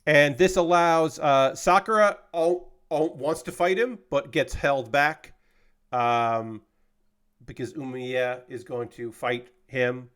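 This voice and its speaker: A man's voice: medium pitch, slow, fairly bright tone, clear, resonant tone. A man casually recapping an anime episode on a livestream, loose and profane, with lots of fillers and restarts. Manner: gets heated and indignant when he talks about unfair characters.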